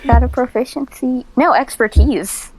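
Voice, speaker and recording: A woman's voice: sits high, normal speed, darkish tone, faint music behind, poor audio. A woman playing a tabletop game, casual and blunt as she eagerly announces her rolls. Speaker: player.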